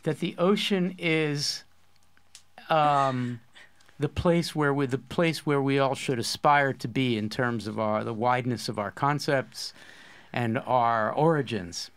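A man hosting a poetry course discussion, explaining ideas with eager enthusiasm in a casual academic way. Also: medium pitch.

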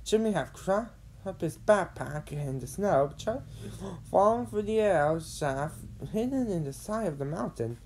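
A woman narrating a children's storybook read-along with expressive, dramatic delivery. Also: fairly low pitch, measured pace, a little hiss or hum.

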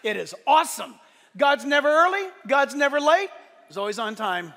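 A man preaching a sermon to his church, animated and swinging from loud declarations to soft, joking asides. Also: very high voice, moderate pace, long reverb tail. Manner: playful, joking asides to the congregation. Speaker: pastor. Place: church service.

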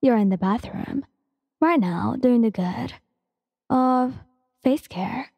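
Brief: woman narrating fan fiction casually, slangy, dark mellow tone, dry close mic with faint long reverb. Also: on the high side, lively intonation, unhurried, breathy edge. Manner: casual, slangy, playful cursing.

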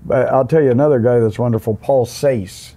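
A man's voice: medium pitch, steady tone, a little fast, warm tone. An older man, a veteran tattoo artist, talking bluntly and swearing freely as he tells stories in a casual interview. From United States. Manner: blunt, salty storyteller who swears freely.

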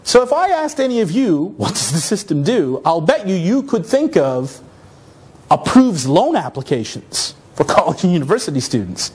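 A man from North America giving a conference talk, telling a story in an animated, self-mocking way. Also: sits high, moderate pace, slightly rough. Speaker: conference speaker.

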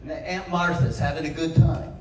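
A variety performer with a slightly high voice and moderate pace does comedy patter on stage in a large cruise ship theater, joking with the crowd and urging it to cheer. Filmed from far off, the echoey recording includes audience noise.

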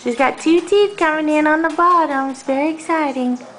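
A woman's voice: high voice, a little fast, a bit bright, slight background noise. A woman filming a baby at home with a camcorder, coaxing her in sing-song baby talk. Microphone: handheld camcorder.

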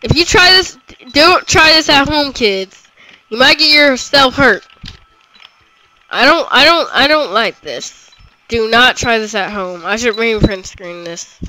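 Male gamer, high bright voice, unhurried, excitable and frustrated with the game. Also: soft background music, rough recording. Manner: excitable, groans and yells at the game. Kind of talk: let's play commentary.

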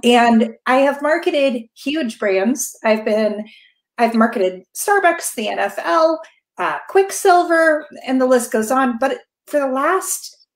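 A middle-aged woman with a fairly high voice coaches listeners on marketing. She talks in an upbeat, direct way and keeps checking in with them. Her voice echoes around a roomy space. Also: expressive, takes it slowly. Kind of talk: presenting on a business webinar. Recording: roomy echo.

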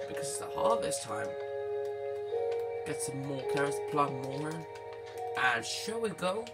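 A man hosting a let's play, chatting to viewers and his pet and exclaiming excitedly at what happens in the game. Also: fairly high pitch. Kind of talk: gaming commentary.

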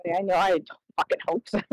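A woman's voice: mid-range voice, expressive, moderate pace, dry recording, rough recording. A young woman streamer chatting casually while gaming, laughing and swearing often.

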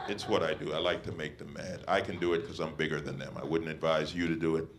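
A man's voice: very deep voice, fairly even intonation, fast, background noise. A man doing a stand-up comedy set at a small beach house venue, mocking and profane, riffing with the crowd. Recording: live crowd audible. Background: audience laughter.

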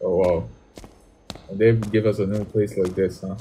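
A man's voice: low-pitched, level tone, moderate pace, pauses often, dark tone, a little hiss or hum. A young man, commenting jokingly on a horror game as he plays and talking back to its characters. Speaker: gaming YouTuber.

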